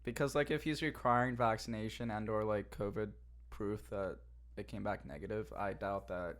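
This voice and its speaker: A man's voice: lowish voice, steady tone, moderate pace. A young man hosting a casual podcast who rambles, packs his sentences with "like" and trails off mid-thought. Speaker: podcast host. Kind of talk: casual chat.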